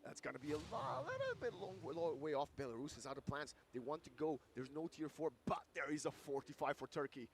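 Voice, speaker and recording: Excitable male esports caster, voice going. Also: fairly high pitch, fairly quick, vocal fry, few pauses. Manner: excitable, rises to shouting at big plays. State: losing his voice. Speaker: esports commentator. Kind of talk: live play-by-play commentary.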